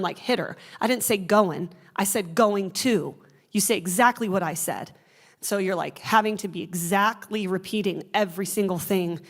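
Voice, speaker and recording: A woman speaks to an audience at a summit, moving through her slides. Her talk runs casual and conversational, full of "like" and restarts, at an ordinary middle pitch. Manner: casual, fast-flowing with many "like" fillers. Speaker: survivor speaker presenting.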